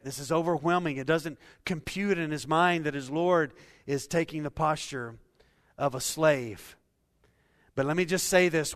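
A man's voice: on the high side, a bit bright. A man preaching a sermon to a congregation, speaking earnestly and asking his listeners rhetorical questions. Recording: long hall reverb.

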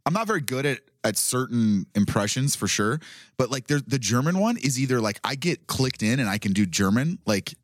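A man's voice: mid-range voice, expressive, brisk, dry recording, studio quality. A man in crude, casual podcast banter, laughing and joking a lot.

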